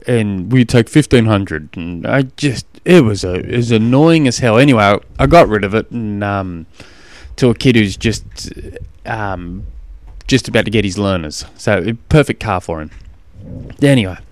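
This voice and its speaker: A man's voice: on the low side, lively intonation, measured pace, no echo. An Australian man hosting his own podcast, talking casually and frankly in a rambling way, with frequent restarts, as he answers listener questions. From Tasmania. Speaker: podcast host and triathlon coach. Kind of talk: casual solo podcast monologue.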